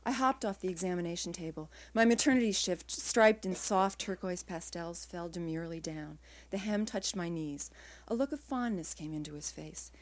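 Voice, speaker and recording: This woman's voice is on the low side as she reads her first-person prose at a live literary event. She is the author of the piece, and she reads it in a quiet, measured way.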